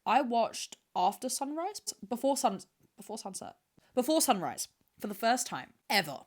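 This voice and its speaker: A woman's voice: fairly high pitch, big pitch swings, normal speed. Profane, dramatic young woman podcaster. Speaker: podcast host. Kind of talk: casual storytelling monologue. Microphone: camera with mic, talking to camera.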